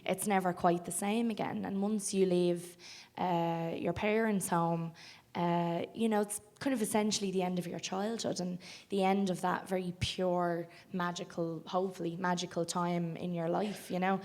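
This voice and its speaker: A young Irish woman with a generic Dublin accent talks casually on a festival panel about her acting work. Her voice sits a little low for a woman, and her chatty answers are loose, broken by ums and laughter. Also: level tone, moderate pace, a little mellow. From Ireland. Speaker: film actor guest. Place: festival cafe stage.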